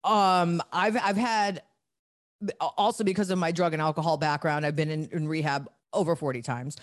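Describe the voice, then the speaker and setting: A woman's voice: sits low, fairly even intonation, moderate pace, no room sound, studio quality. A woman hosting a podcast in casual chat, candid and joking, laughing often. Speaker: podcast host.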